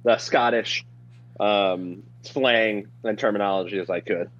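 A young man co-hosting a podcast in casual chat, offhand and wry, often pausing on fillers. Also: lowish voice, fairly even intonation, lo-fi sound, a loud crowd. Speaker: podcast co-host.

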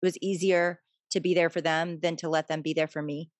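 A woman's voice: low-pitched, a little fast, no echo. A middle-aged woman author talking earnestly and openly as a guest in a conversation. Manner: earnest, confessional, animated when telling stories. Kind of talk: conversational interview.

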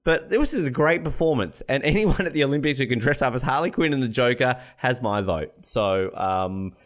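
A man's voice: medium pitch, animated, fairly quick. A man hosting a casual sports podcast, joking and rambling, often laughing. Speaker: podcast host. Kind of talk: casual chat.

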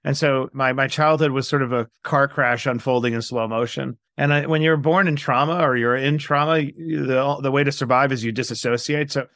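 Brief: gravelly, dry-miked man in his forties from New York, animated storyteller in an interview. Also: mid-range voice, normal speed, hardly any pauses, no echo. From New York, USA. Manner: animated, acts out quoted dialogue. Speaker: guest entrepreneur.

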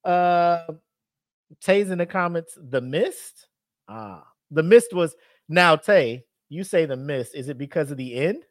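Animated man telling stories, dry close mic. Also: a little high, takes it slowly, no echo. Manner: animated storytelling, acts out scenes with bursts of loud voices. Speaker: podcast co-host. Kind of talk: casual chat.

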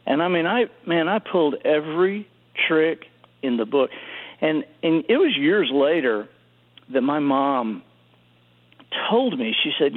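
A man's voice: a little high, measured pace. Man on a tinny line. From Alabama, US. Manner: animated storyteller with many restarts. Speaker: author guest. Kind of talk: conversational storytelling interview.

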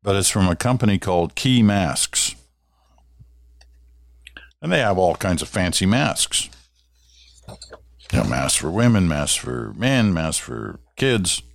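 A man's voice: sits low, big pitch swings, takes it slowly, creaky, long pauses, dry recording. An older Canadian man hosting a radio talk show, chatting in a storytelling way and reading listener letters. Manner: warm storytelling, reads listener letters aloud. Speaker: radio host. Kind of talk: casual talk radio monologue.

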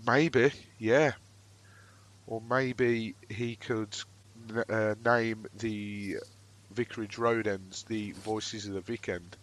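A man with a northern English accent, co-hosting a casual football podcast, chatty and quick to laugh. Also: lowish voice, fairly even intonation. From northern England. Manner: chatty, laughs often, jokey. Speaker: podcast co-host. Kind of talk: casual chat.

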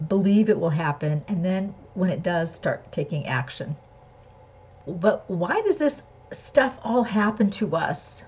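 A woman with a low, breathy voice talks candidly and earnestly, telling a personal story and turning it into a spiritual lesson. Her recording sounds slightly dull and lo-fi. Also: darkish tone.

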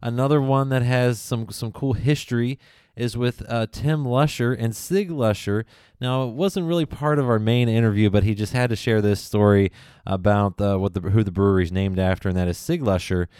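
A man's voice: medium pitch, fairly even intonation, moderate pace, a little mellow, clean tone, dry recording, studio quality. A man hosting a podcast, introducing past episodes in a casual, enthusiastic way with plenty of "uh"s. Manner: enthusiastic, chatty with many fillers. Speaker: podcast host. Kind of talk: casual recap narration.

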